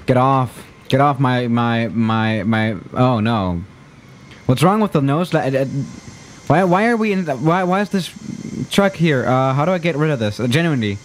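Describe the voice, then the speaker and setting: A man's voice: mid-range voice, lively intonation, moderate pace, a little hiss or hum. A man chatting casually on a live stream while playing a flight simulator, rambling and correcting himself as he goes. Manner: rambling, self-correcting, laid-back.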